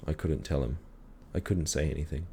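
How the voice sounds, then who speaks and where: A man calmly reading a children's story aloud in a measured storytelling manner. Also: a bass voice, gravelly, slight background noise. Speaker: reader.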